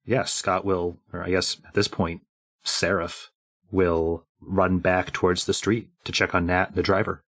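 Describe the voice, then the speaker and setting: A man's voice: sits low, little pitch movement, a little slow, a bit bright. A man playing a tabletop game, thinking aloud casually about his character's actions. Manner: thinking aloud, hesitant fillers. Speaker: player.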